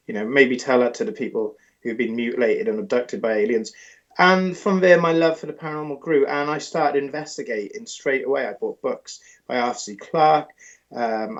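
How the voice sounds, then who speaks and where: A man from Britain telling stories in an interview as a paranormal author, animated and rambling with restarts. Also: medium pitch, lo-fi sound. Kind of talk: interview storytelling.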